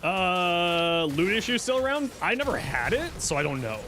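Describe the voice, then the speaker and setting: A man's voice: high-pitched, sing-song, moderate pace, background noise. A man streaming a video game, chatting casually and reading his viewers' questions aloud before answering them offhandedly. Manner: easygoing, chatty, jokey. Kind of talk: casual live-stream chat while gaming.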